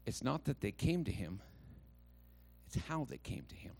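A man pastor preaching a sermon. He swings from hushed asides to loud, shouted declarations and asks many rhetorical questions. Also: mid-range voice, huge pitch swings, normal speed, creaky.

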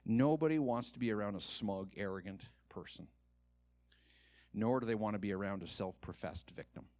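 A man preaching a sermon to a congregation, moving from quiet, earnest talk to loud, rising exhortation and having the room repeat lines after him. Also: on the low side, moderate pace, dry recording. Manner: calls on the congregation to repeat lines and raise hands. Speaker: pastor. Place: church.

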